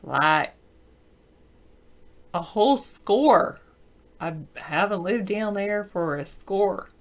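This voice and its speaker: A woman's voice: medium pitch, expressive, very slow. A woman from the Southern United States chatting casually on a video call, telling rambling stories and spelling words out letter by letter. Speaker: video chat participant. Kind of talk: casual chat.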